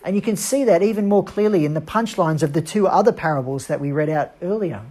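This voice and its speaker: A woman preaching a sermon, earnest and emphatic, leaning on slow dramatic pauses. Her voice sits low and has a husky grain to it. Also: warm tone.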